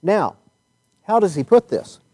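A man preaching a sermon, reading Bible verses and stretching key words slowly for emphasis. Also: high voice, big pitch swings, warm tone, breathy edge, no echo.

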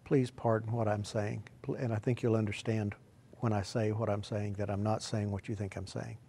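A man preaching a sermon, telling rambling folksy stories and swinging from quiet asides to loud, shouted emphasis. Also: lowish voice, little pitch movement, moderate pace, vocal fry, slight background noise.

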